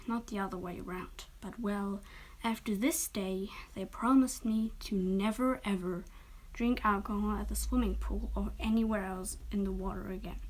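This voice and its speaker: Woman storyteller, gentle half-whisper, mid pitch, small restarts. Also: a little hiss or hum, low-quality recording. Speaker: storyteller reading her own story. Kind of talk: soft-spoken story reading.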